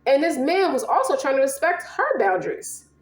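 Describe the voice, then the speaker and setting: A woman's voice: high voice, sing-song, normal speed, echoey room. A woman giving a casual tarot reading, slangy and profane, rambling and emphatic. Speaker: tarot reader.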